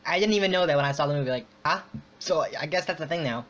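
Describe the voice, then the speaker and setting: A man's voice: fairly high pitch, very fast, a bit bright. A man hosting a casual online chat, rambling with lots of fillers and restarts. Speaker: podcast host. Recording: dull lo-fi audio.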